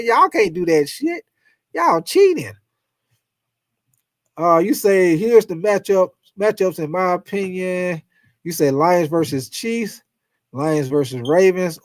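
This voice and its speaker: A man hosting a casual sports livestream, reading viewer comments and talking football with loose, profane, animated chatter. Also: high voice, no echo. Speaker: sports talk livestream host.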